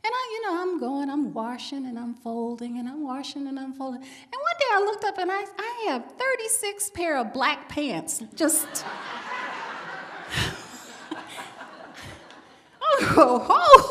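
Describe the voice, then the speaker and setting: A woman's voice: high voice, normal speed, few pauses. A woman minister giving an inspirational talk to a live congregation, telling stories and laughing along with the audience. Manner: animated storytelling, laughing with the audience. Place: large hall with an audience. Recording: long hall reverb.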